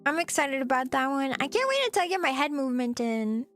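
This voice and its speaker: A woman with a high, bright pitch chats casually on a live stream, playful and giggly, slipping into cutesy teasing. Soft background music plays faintly underneath her. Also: big pitch swings, fast talker. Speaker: VTuber streamer.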